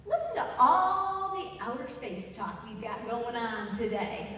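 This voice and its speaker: A woman telling comic family stories on stage in an animated way. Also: on the high side, measured pace. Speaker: storyteller. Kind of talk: stage storytelling. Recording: echoey hall, distant mic.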